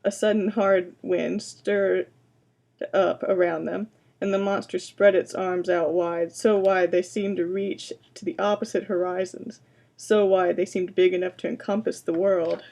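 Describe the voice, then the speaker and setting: A woman giving a booktalk presentation, introducing books and reading excerpts aloud in a quiet, measured way. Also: on the low side, level tone, vocal fry. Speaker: library science student presenting books.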